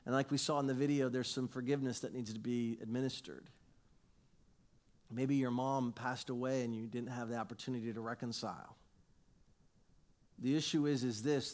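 A middle-aged male pastor preaching a sermon, telling stories with acted-out dialogue and chuckling at his own jokes. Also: mid-range voice. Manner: animated storytelling, acts out dialogue, laughs at own jokes. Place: church sanctuary with congregation.

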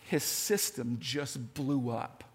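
A man preaching a sermon in a lively, conversational way, talking straight to his audience. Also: medium pitch, slow pace, breathy edge. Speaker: pastor. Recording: long hall reverb.

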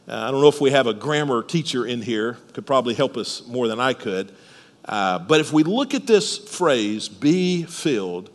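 Male pastor preaching, questions the congregation, widely varied pitch. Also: long reverb tail. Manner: explains step by step, asks the listeners questions. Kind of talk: sermon. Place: church service.

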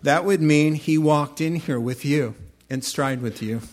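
A man preaching a sermon in a conversational, animated way, acting out short voices as he tells stories. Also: on the high side, measured pace. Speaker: pastor.

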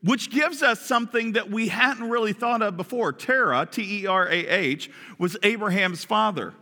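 A man preaching a sermon as pastor, animated and often asking his listeners questions. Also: high voice, moderate pace, long reverb tail. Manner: animated, asks the congregation questions.

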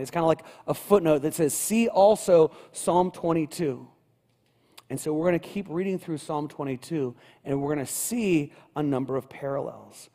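A man delivers a sermon from the pulpit, his voice slightly higher than most men's. He builds rhythm through repetition, pushing louder and then dropping low. The sound rings with the long reverb of a church sanctuary. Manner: rhythmic preaching with repeated phrases and wide swings in loudness. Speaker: pastor.

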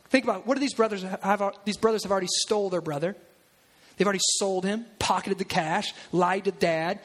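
A man preaching a sermon in a lively, conversational way, breaking into asides and acted-out quotes. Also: high-pitched, fairly quick.

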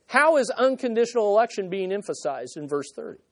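Pastor, sermon, emphatic, rhetorical questions, mid pitch. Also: sing-song, fairly quick.

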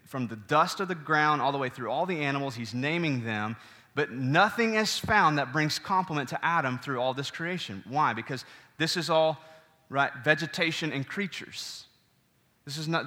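A man's voice: on the high side, in a large hall. A pastor preaching a sermon, teaching through scripture and putting questions to his listeners. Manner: animated, asks the congregation questions.

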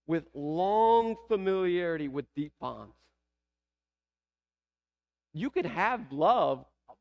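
A man's voice: high-pitched, gravelly, dull audio. A man with a Southern American accent preaching a sermon, asking the congregation rhetorical questions. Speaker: pastor.

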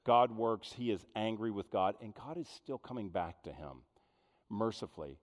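A man preaching a sermon in an animated way, full of rhetorical questions. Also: lowish voice, normal speed, in a large hall. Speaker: pastor.

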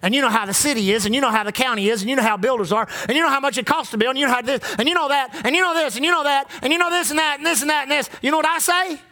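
A man's voice: extremely high pitch, racing, few pauses, pushed and bright. A man preaching a sermon as pastor, impassioned and repetitive, drawing out emphatic lines.

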